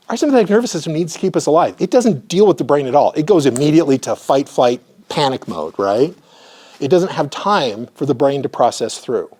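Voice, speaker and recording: A man who works as a therapist, giving an educational lecture and demonstrating slow breathing, often checking in with "right?". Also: medium pitch, warm tone. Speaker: therapist teaching a class.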